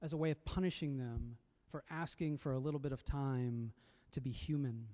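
A man's voice: mid-range voice, steady tone, moderate pace, warm tone. A man preaching a sermon as a pastor, reflective and conversational, often repeating words as he goes.

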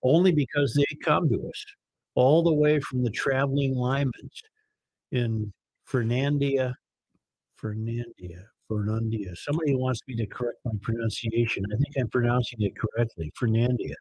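A man's voice: mid-range voice, a little fast, a little mellow, breathy edge, no room sound, poor audio. A man hosting a talk radio show, reading news and this-day-in-history items in a casual, conversational way. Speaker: radio host.

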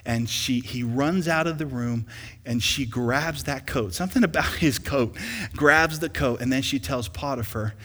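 A male pastor preaching a sermon who swings from hushed to loud and calls for responses from the congregation. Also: mid-range voice, a little slow, long reverb tail.

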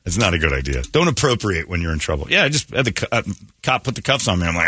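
A man hosting a morning radio show, telling stories in animated casual banter. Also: sits low, quick pace, slightly rough, no echo, clean studio sound. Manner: animated storytelling with quoted voices.

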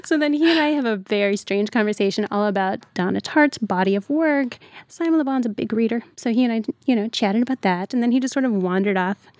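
A woman's voice: fairly high pitch, fast talker, a little mellow, no room sound. Chatty woman telling stories, dry sound. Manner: chatty storyteller, many "like" fillers. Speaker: culture writer, podcast guest. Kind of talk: casual interview chat.

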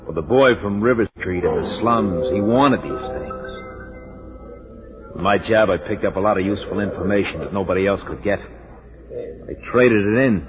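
An actor playing a refined, self-pitying private eye who is cornered by gangsters, in a 1940s radio drama. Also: male voice, sits low, normal speed, natural voice. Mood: brooding. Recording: muffled 1940s radio recording with music.

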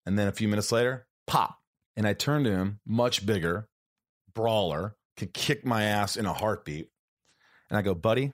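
A man telling animated stories in a casual chat, swearing often and acting out what people said. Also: on the low side, normal speed. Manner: animated, profane, acts out quotes.

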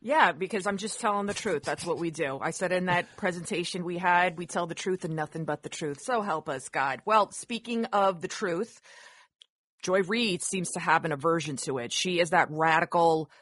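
A woman's voice: lowish voice, normal speed, a bit bright, no echo. A woman hosting a talk radio show, chatting casually with lots of fillers. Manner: chatty, uses many fillers.

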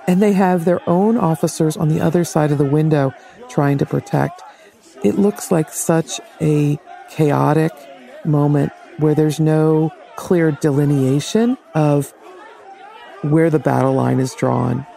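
A man with a gravelly, mellow voice lays out a news account in a measured, analytical way. His voice sits slightly high. Faint music and crowd sound linger behind him. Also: fairly even intonation. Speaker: reporter.

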